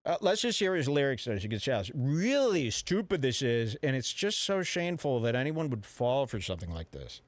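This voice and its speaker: A man hosting a radio show, ranting in a brash, mock-serious and deliberately offensive way. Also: mid-range voice, big pitch swings. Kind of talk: provocative comedic talk radio rant.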